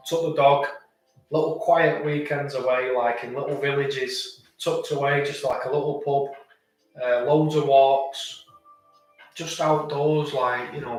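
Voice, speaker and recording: A man's voice: medium pitch, very echoey, far from the mic, rough recording. A man chatting casually on a live stream, rambling and restarting as he answers viewers' comments. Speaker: vlogger answering live chat.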